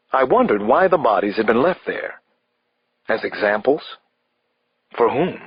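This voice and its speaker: Husky male narrator, lively pitch. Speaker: audiobook narrator. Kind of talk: first-person thriller narration. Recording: slightly dull, dry studio audiobook.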